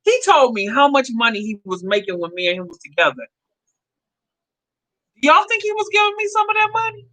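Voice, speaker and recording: A woman in her fifties telling a personal story to her viewers in a casual, animated way, laughing often. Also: high voice, brisk, pauses often, low-quality recording. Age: 50s. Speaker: vlogger.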